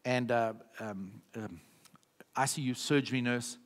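A man's voice: mid-range voice, measured pace. A man with a South African accent preaching a sermon as pastor, with emphatic repetitions, often checking in with the congregation. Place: church hall. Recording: reverberant church hall.

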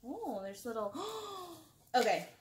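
Gushing excitable woman unboxing gifts. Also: a little high, unhurried. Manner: gushing and excitable, gasps and laughs often. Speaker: unboxing vlogger. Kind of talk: casual unboxing chat.

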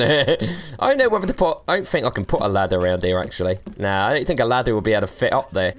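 Cheeky man with a lively voice. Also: fairly low pitch, fast, slight background noise. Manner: cheeky, taunting, laughing often. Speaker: gaming streamer. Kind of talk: let's play commentary.

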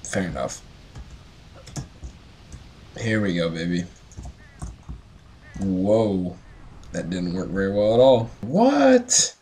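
Drunk male gamer, lowish voice, profane, rambling play-by-play, jokey. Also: slow pace, long pauses, mellow, a little hiss or hum. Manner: profane, rambling, joking asides. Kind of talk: casual gameplay commentary.

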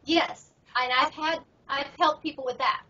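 A middle-aged woman with a high, bright voice talks in an upbeat, chatty way as an interview guest. Her sound is muffled and comes from some distance off the mic, like an online call. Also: steady tone, measured pace. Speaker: professional tarot reader guest. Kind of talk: casual interview chat. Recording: muffled audio from far off the mic.

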